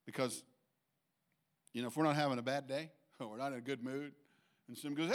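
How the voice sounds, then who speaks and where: A middle-aged man delivers a sermon as if he were chatting with the room. His voice sits somewhat high for a man. He restarts his sentences often and acts out little quotes to make his points. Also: fairly quick. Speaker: pastor.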